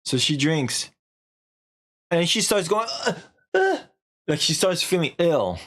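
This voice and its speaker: A man's voice: on the high side, lively intonation, a little slow, fairly bright tone. A young man streaming, casually recapping a story in a rambling, slangy way with lots of filler.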